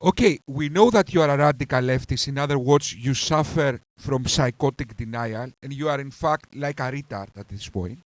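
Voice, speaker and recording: A man hosting a reaction commentary, talking with heated scorn and insults and swinging between outbursts and calmer stretches. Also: mid-range voice, moderate pace, few pauses, dry recording. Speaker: commentary channel host.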